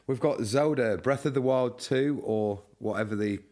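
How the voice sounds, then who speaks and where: A man's voice: medium pitch, normal speed, a little mellow. A man co-hosting a gaming podcast, reading out news in a hesitant way with many fillers. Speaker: podcast co-host. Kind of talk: casual podcast chat, reading news notes.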